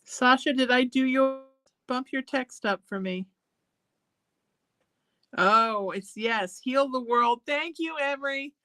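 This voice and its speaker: A woman hosting a live psychic show, chatting in a rambling way, laughing often and drifting into soft singing. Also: high voice, slow, long pauses. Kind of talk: casual live-stream chat.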